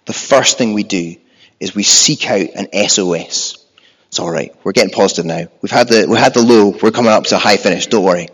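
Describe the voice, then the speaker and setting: A man's voice: fairly low pitch, a little fast, husky. A man preaching a sermon in an earnest, conversational way, sometimes acting out the frightened cries of the people in the story. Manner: earnest, conversational, acts out the disciples' panicked cries. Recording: echoey hall, dull lo-fi sound.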